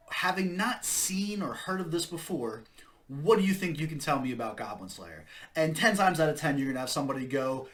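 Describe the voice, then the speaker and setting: A man's voice: medium pitch, fairly bright tone. Guy doing a motivational business talk, casual, leans hard on punchy repeated lines. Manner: emphatic, punchy repetition. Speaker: marketing meeting host.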